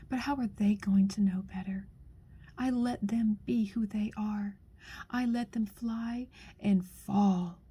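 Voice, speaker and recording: A woman's voice: on the high side, warm tone, husky. A middle-aged woman speaking an earnest, heartfelt monologue that often drops to a half-whisper as she pleads. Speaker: speaker sharing a personal message.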